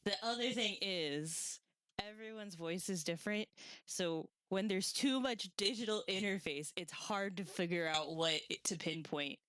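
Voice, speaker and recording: A woman's voice: mid-range voice, measured pace, a bit bright, no echo. A woman co-hosting a let's play stream, talking casually in a dry, matter-of-fact way about audio setup. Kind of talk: casual gaming chat.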